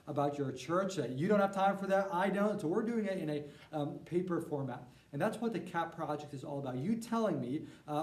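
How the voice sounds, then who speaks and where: Relaxed young male church teacher. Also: on the high side. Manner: relaxed, with frequent fillers. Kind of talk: video lesson with a personal story. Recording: roomy sound from a distant mic.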